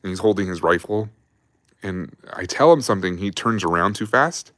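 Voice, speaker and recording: Low-voiced male host in his thirties, casual, profane, rambling army yarns, dry close sound. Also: normal speed, fairly bright tone, no room sound. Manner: rambling, profane, laughs while telling stories. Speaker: livestream host telling army stories. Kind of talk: casual storytelling on a livestream.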